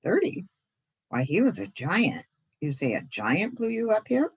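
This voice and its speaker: A woman's voice: lowish voice, big pitch swings, a little slow, breathy edge, muffled recording, exaggerated voice. A woman voicing a saucy, bouncy patchwork doll girl with a teasing manner. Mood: curious.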